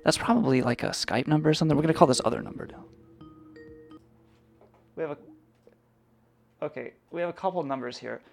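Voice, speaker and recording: A man's voice: a little high, a little fast, gravelly, long pauses, a little mellow, faint music behind. A man hosting a livestream, rambling in a crude, sarcastic way. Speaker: podcast host. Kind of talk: casual profane livestream chat.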